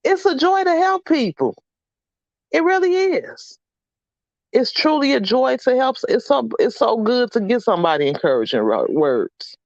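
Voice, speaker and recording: A woman's voice: on the high side, very animated, moderate pace, dry recording, highs cut off. A middle-aged woman hosting a casual livestream chat, upbeat and encouraging as she reads out names from the chat. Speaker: livestream host.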